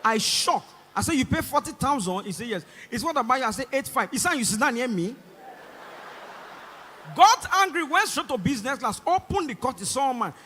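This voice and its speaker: A Nigerian man with a Nigerian English accent doing stand-up comedy on a large concert stage, acting out both sides of the dialogue and rising to shouts. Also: very high-pitched, big pitch swings, fast talker, hardly any pauses, in a large hall, a little hiss or hum.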